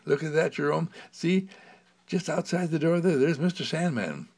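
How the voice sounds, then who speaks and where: A man telling children a bedtime story in a soft, soothing, slow manner. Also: fairly low pitch, creaky, husky.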